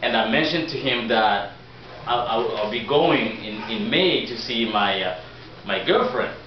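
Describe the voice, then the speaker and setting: A man, a life coach, telling a personal story in a lively, animated way to an audience. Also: medium pitch, unhurried, background noise. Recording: echoey room, distant dull mic.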